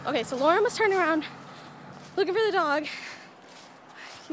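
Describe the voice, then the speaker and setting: A woman's voice: very high-pitched, lively intonation, fairly quick, noisy background. A young woman recording a phone vlog outdoors, telling a story in a chatty, breathless, giggly way. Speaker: vlogger. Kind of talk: excited casual storytelling. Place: outdoors by a cemetery. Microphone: phone camera.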